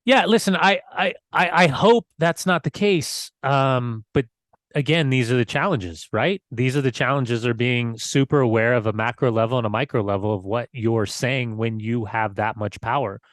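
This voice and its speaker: A man co-hosting a podcast, a former player chatting casually, relaxed with halting restarts. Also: medium pitch, dry recording, clean studio sound. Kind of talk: casual chat.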